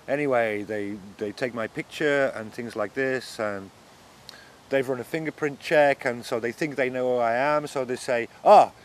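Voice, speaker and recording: A man being interviewed, giving an earnest and shaken first-person account of his arrest, growing agitated as he goes on. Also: mid-range voice. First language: not German.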